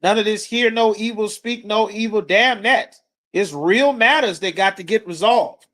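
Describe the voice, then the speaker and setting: A man teaching scripture to a class in a blunt, forceful preaching manner with coarse language. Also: high voice, normal speed. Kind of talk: street-corner scripture teaching.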